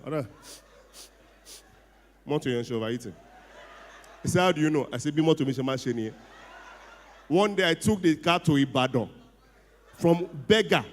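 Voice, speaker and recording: A middle-aged man with a Nigerian accent tells a funny story at a ceremony, animated and often laughing, dropping to a hushed voice for quoted lines. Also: a little high. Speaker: speaker at a ceremony. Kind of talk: humorous storytelling speech. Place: event hall. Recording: long hall reverb.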